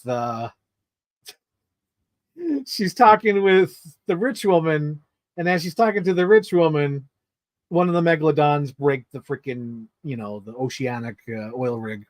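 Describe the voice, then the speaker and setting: A man giving a casual movie review, excitable, laughing often and swearing freely. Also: on the high side, measured pace, no room sound.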